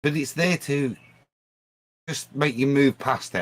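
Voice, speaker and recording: A man in a casual livestream discussion, arguing his point with animated restarts. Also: medium pitch, unhurried. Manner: animated, argumentative, restarts phrases.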